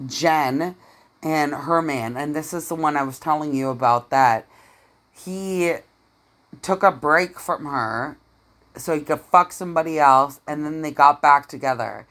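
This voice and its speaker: Low-voiced woman gossiping bluntly. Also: unhurried. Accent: Canadian. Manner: blunt, swears freely, animated gossiping. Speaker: podcast co-host. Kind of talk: casual chat.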